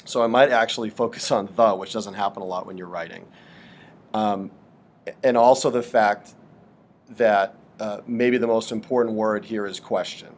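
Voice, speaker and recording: Low-voiced man explaining literature. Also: fairly even intonation, moderate pace. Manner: thoughtful, hesitant with many ums. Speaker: literature teacher. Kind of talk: explanatory lesson.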